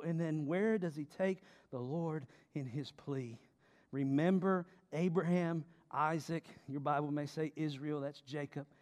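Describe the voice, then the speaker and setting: High-voiced man preaching slowly. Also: long reverb tail. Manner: dynamic preaching, swinging between loud emphasis and hushed low delivery. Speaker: pastor. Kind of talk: sermon.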